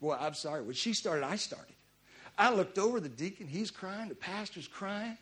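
Middle-aged guy preaching, pretty high voice, chatty storytelling, gets loud then goes really quiet. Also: animated, moderate pace. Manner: conversational, swings between loud urgency and hushed intensity. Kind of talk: sermon with personal storytelling.

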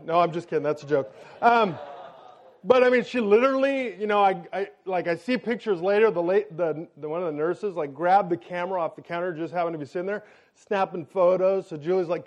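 A high-pitched man tells a story from the pulpit, lively and chatty, turning to his listeners again and again. The recording sounds dull and lo-fi. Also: a little fast. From United States. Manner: animated storyteller, talks to the audience directly. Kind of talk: storytelling sermon to a congregation.

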